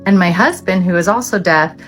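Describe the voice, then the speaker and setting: A woman's voice: on the low side, a little fast, fairly bright tone, faint music behind. A woman and mother telling a candid, reflective story in a casual vlog, with frequent "um"s. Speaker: mother of deaf children.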